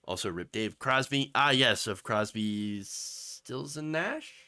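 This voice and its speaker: A man hosting a political livestream, his voice bright and forward with wide swings in pitch. He rants with sarcasm, mocking politicians in put-on voices, then drifts into loose, filler-heavy asides as he reads viewer messages. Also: expressive, slow pace, smooth. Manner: impassioned, ranting, with sarcastic mock quotes. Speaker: political commentary host.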